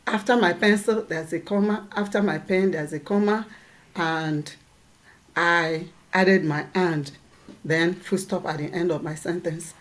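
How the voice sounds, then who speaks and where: A woman's voice: on the low side, fairly even intonation, measured pace. A woman teaching a lesson, patiently repeating points and checking that her students follow. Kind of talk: classroom lesson.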